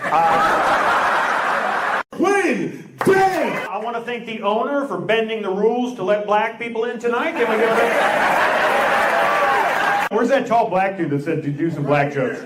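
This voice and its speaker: A man doing crowd work as a stand-up comedian, brash and teasing, firing off quick punchlines on a club stage. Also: sits high, lively intonation. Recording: echoey club with loud crowd noise.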